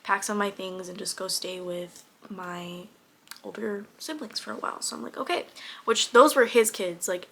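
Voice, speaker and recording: A woman's voice: mid-range voice, normal speed, vocal fry, a bit bright. A young woman casually telling a personal story straight to camera, candid, with lots of fillers and some swearing. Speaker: vlogger.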